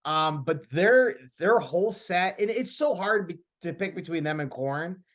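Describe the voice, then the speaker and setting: A man in his thirties, a podcast host, telling a story in casual chat, animated and laughing as he talks. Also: high-pitched, a little slow.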